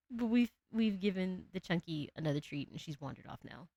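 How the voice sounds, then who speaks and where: A woman's voice: animated, moderate pace, gravelly, warm tone, no room sound. Brief: female streamer, alto, bouncy melodic delivery, dry close sound, chatty and giggly. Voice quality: low alto voice. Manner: chatty, giggly, talks to chat and her cat. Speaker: live streamer. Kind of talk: casual live-stream chat.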